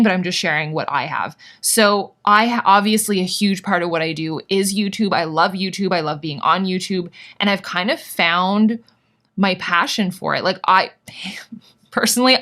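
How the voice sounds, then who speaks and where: A chatty woman hosts a live workshop for her viewers, her voice sitting a little low. She gushes and rambles, piling on fillers and asides as she coaches them through their plans. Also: a bit bright. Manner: bubbly, gushing, rambling with many fillers. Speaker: vlogger and online business coach.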